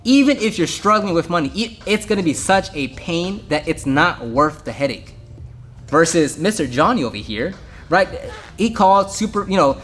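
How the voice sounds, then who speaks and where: A man's voice: on the high side, normal speed. A young man, a detailing business owner, giving casual advice and telling stories about customers, acting out their lines with lots of restarts. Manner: animated storytelling, acts out customers, frequent restarts.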